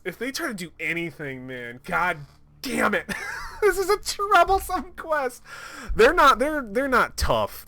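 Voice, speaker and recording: A man casually narrates a solo tabletop adventure in a bright, fairly high voice that swings all over the place. He is excitable and swears freely, laughing often. Faint music plays underneath. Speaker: solo tabletop game player.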